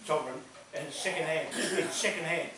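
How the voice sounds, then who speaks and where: With a crowd audible behind him, a man with a slightly high voice tells stories at a moderate pace at a community meeting. His animated delivery is emphatic and repetitive, punctuated by laughter, and the large hall sounds echoey and distant, with faint noise.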